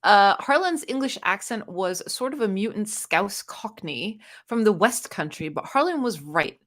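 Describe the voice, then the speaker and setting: A woman hosting a casual book livestream, reading viewer comments aloud with quick, bubbly reactions. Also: medium pitch, expressive, fairly bright tone. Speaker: book channel host.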